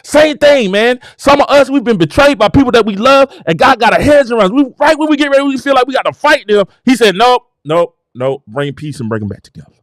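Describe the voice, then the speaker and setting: Fervent man preaching with wild pitch swings. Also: lively intonation, a little fast, dry recording. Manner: fervent, emotional, swings from low murmurs to shouted exclamations. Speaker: show host. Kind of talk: preaching-style motivational talk.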